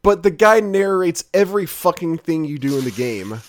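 A man's voice: on the high side, very animated, normal speed. A man hosting a casual chat, rambling and swearing freely with many restarts. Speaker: podcast host.

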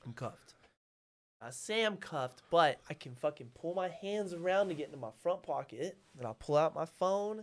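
A man, a podcast guest telling a story in casual chat, animated and full of swearing. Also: a little high, normal speed. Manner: animated and profane, acting out the people in his story.

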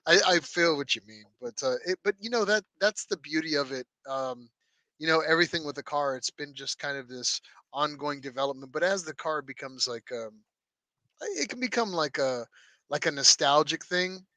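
A man co-hosting a casual car podcast, telling long animated stories with lots of fillers and restarts. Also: fairly high pitch, normal speed, no room sound. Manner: rambling, animated storyteller with many fillers. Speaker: podcast co-host. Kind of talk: casual chat.

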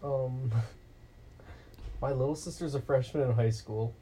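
A young man co-hosting a casual chat, dropping dry, deadpan quips. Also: medium pitch, slow, slight background noise, rough recording. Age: young adult. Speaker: podcast co-host.

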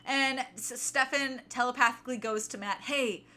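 A woman's voice: high-pitched, lively intonation, a little slow, sharp tone. A woman co-hosting a casual book-recap podcast, exasperated and ranting, swearing freely. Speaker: podcast co-host.

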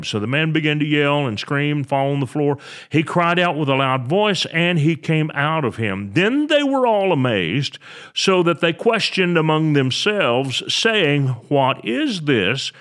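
A man's voice: on the high side, a bit bright. A man teaching a sermon, reading scripture aloud and explaining it in an earnest, expository way. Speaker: Bible teacher.

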